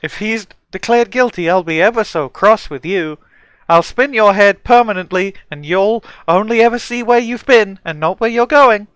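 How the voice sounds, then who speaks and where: A man's voice: sits high, moderate pace, fairly bright tone, clean tone, dry recording, rough recording. A man voicing a sweet-talking, scheming woman who is secretly a thief, in a fan voice dub. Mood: menacing. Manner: sugary, playfully menacing.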